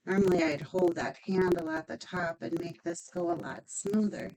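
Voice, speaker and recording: A woman's voice: fairly low pitch, steady tone, moderate pace, crowd noise, poor audio. A woman demonstrating a stamping craft project, chatty and upbeat, thinking aloud as she works.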